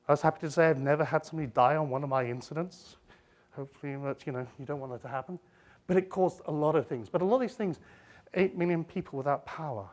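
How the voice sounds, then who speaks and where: A middle-aged man giving a live conference talk on a stage. He rambles, keeps breaking off mid-sentence to restart, and throws in joking asides. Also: on the high side. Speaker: conference speaker.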